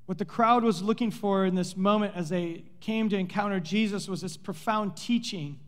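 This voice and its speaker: High-pitched guy preaching, acts out the disciples all sarcastic, long echo like a big church. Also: normal speed. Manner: animated storytelling, acting out the disciples with playful sarcasm. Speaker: pastor. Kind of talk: sermon. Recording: long hall reverb.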